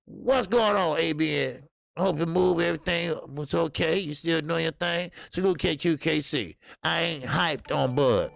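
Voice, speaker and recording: Gravelly American boxing-stream host. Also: male voice, on the high side, moderate pace, dry recording, clean studio sound. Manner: animated, talks straight to chat, many fillers and restarts. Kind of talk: live-stream commentary with chat.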